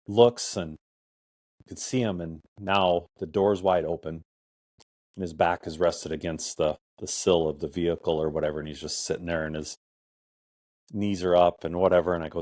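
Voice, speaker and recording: A man's voice: sits low, fairly even intonation, normal speed, darkish tone, no echo, studio quality. A middle-aged man hosting a podcast, telling a personal story in a casual, rambling way full of "I'm like" and "or whatever". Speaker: podcast host.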